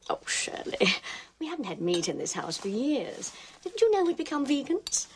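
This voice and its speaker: Condescending neighbour, affected and gushing, film soundtrack with noise. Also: female voice, high voice, sing-song, normal speed. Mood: instructing primly. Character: snobbish, bragging upper-class neighbour woman.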